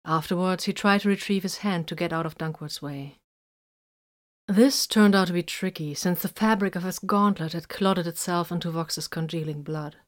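Woman reading a story in a low voice. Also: normal speed. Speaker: narrator.

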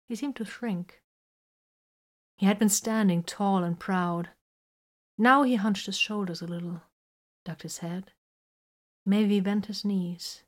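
A woman reading a science-fiction story aloud in a steady, even storytelling manner. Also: fairly low pitch. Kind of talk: audiobook narration.

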